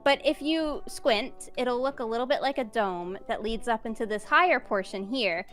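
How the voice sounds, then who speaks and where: A cheeky woman jokes while building in a game, pushing back playfully against the rules. Her voice sits a little high. Faint music plays underneath. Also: normal speed, a bit bright. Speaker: guest builder. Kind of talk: casual gaming chat.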